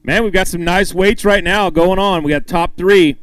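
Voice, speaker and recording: A man's voice: high-pitched, moderate pace, fairly bright tone, smooth. A man announcing a fishing tournament weigh-in, calling up anglers, reading weights and joking with them on stage. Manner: upbeat, hypes each angler and jokes with them. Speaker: tournament emcee.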